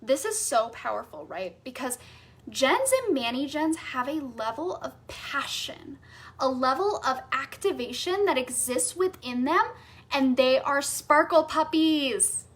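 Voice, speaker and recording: A woman's voice: high-pitched, lively intonation, measured pace. A woman business coach teaching a live online masterclass, bubbly and enthusiastic, stopping to read out viewers' comments.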